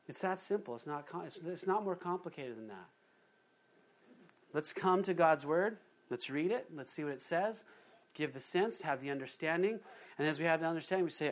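A man pastor giving a casual, animated Bible study sermon. He voices the imagined speakers himself. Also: on the high side, moderate pace.

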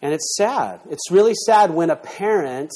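A man in middle age delivers a sermon with a slightly higher-pitched voice. He is emphatic, pushing rhetorical questions at the congregation and swinging between loud punches and quiet asides. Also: normal speed. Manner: emphatic, rhetorical questions, lively shifts in loudness. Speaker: pastor.

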